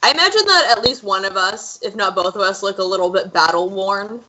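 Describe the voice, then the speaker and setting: A woman playing a tabletop game, speaking politely and earnestly, sometimes pausing to search for words. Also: medium pitch, bright, forceful tone, low-quality recording. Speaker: player. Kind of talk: tabletop game role-play.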